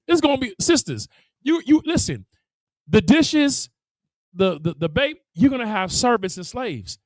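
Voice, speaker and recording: Animated preacher, high swooping voice, dry room, laughs and acts out voices. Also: male voice, unhurried, pauses often, no echo, low-quality recording. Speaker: religious teacher. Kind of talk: lively preaching to a congregation.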